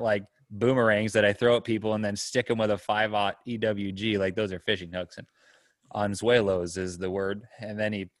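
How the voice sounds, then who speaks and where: A man's voice: lowish voice, no room sound, clean studio sound. A man telling a long story in casual chat, rambling, with lots of fillers, and acting out the people in it. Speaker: storyteller guest.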